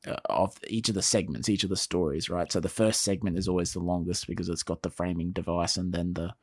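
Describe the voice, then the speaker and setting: A man co-hosting a podcast in a relaxed, chuckling casual chat. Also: low voice, fast talker, slightly rough, dry recording, studio quality. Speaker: podcast co-host.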